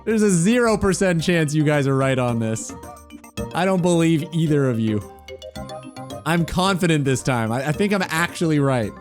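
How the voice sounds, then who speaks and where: A man's voice: fairly high pitch, animated, moderate pace, soft background music. A man chatting casually on a gaming stream, teasing and mock-incredulous.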